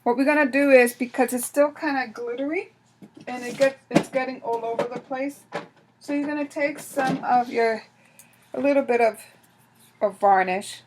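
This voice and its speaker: A woman's voice: high-pitched, normal speed, noisy background. A woman hosting a craft tutorial, explaining each step casually while she works, often restarting her sentences. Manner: casual, talks while working, frequent restarts.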